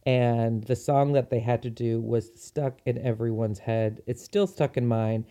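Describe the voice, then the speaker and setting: A man's voice: mid-range voice, dark tone. A man hosting a podcast, talking in a chatty, enthusiastic way with frequent ums. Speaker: podcast host. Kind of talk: casual solo podcast chat.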